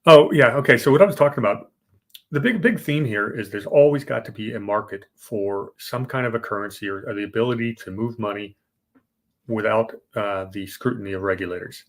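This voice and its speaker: A man's voice: fairly low pitch, brisk. A man hosting a podcast, explaining financial history in a casual, rambling way with fillers and restarts. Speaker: podcast host. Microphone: remote podcast setup.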